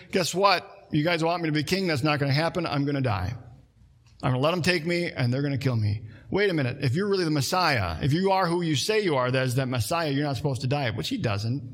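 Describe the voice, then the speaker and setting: A man preaching a sermon from the pulpit with a slightly higher than usual voice. He reads scripture aloud and presses his congregation with earnest, direct questions. His delivery is that of a pastor speaking to his church. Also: lively intonation, fast, fairly bright tone.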